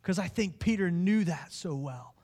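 A man preaching a sermon as pastor, impassioned, swinging from hushed lines to pleading ones. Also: sits high, animated, normal speed.

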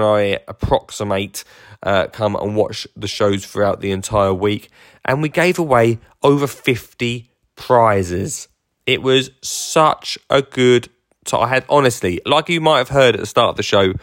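A man's voice: lowish voice, a bit bright, no echo, clean studio sound. A man hosting his own podcast, chatting enthusiastically and rambling with lots of fillers and restarts. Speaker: podcast host and garden entertainer. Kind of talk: casual podcast monologue.

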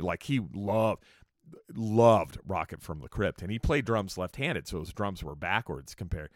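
Casting note: a man with a low, very lively voice, a rambling storyteller full of cursing and asides, dry close sound. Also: a little slow, no room sound. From California. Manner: profane, rambling, joking asides. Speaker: musician telling tour stories. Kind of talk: casual storytelling monologue.

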